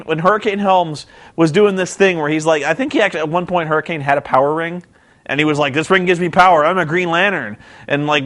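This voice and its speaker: A man rambling through a casual recap of a wrestling show, animated and loose, often breaking into shouted impressions. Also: a little high.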